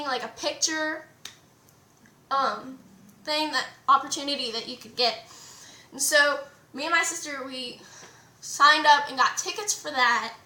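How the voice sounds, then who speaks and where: A teenage girl vlogging a rambling, excited story with lots of "like" and fillers. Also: high voice. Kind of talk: casual storytime vlog. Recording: echoey room.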